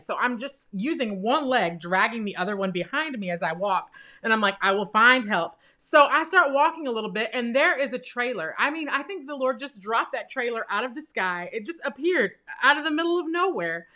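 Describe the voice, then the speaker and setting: A young woman telling a personal story in a lively way, laughing often and acting out what people said. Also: fairly high pitch. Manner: animated, laughing often, acts out quoted voices.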